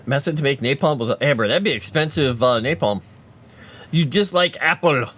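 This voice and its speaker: Streamer, male, casual rambling chat, lively pitch. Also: moderate pace. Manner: rambling, chatty, reads chat aloud.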